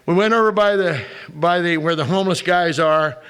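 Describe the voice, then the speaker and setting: A man's voice: high voice, moderate pace, fairly bright tone, clean tone. A man in his sixties, a veteran comedian telling a profane, wisecracking recovery story to a meeting. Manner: profane, wisecracking, punchline-driven. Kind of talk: comic storytelling talk.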